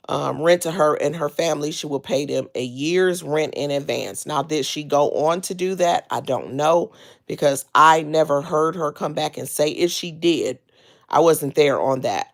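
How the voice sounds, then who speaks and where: A woman talks through a casual gossip livestream, lying down at home. Her voice sits low and she takes her time, trailing off into long ums and restarting her sentences. The tone is chatty and conversational throughout. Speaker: livestream host.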